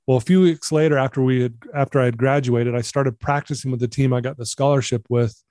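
A man's voice: mid-range voice, fairly even intonation, quick pace, warm tone, dry recording, studio quality. A middle-aged man, a guest in a conversation, earnestly telling a personal story and repeating himself for emphasis.

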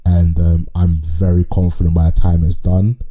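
Deep voiced guy rambling about anime, lots of swearing and slang, really dark sound. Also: monotone, normal speed, low-quality recording. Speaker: podcast co-host. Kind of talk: casual anime chat.

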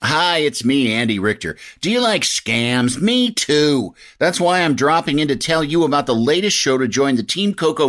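A man's voice: mid-range voice, a bit bright. Wry man reading a playful promo. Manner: wry, playful comedic delivery. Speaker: podcast promo presenter. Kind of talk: scripted promo read.

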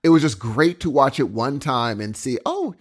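A man co-hosting a casual movie review conversation, animated, exclaiming and laughing often. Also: medium pitch, normal speed. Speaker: podcast co-host. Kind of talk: casual film review chat.

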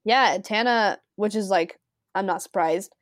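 A young woman co-hosting a casual gossip podcast, expressive, laughing often and swearing casually. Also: mid-range voice, a little slow, no echo. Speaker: podcast co-host. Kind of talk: casual celebrity gossip chat.

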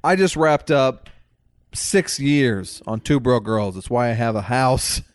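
A man's voice: medium pitch, expressive, takes it slowly, no echo. A man telling stories in casual chat, rambling and self-deprecating.

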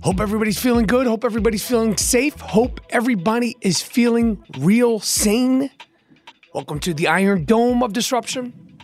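A man hosting his own podcast, his voice hoarse and not at full strength, talking in a brash, profane, rapid-fire way and repeating catchphrases. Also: very high voice, faint music behind. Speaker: podcast host. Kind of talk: hyped solo podcast monologue.

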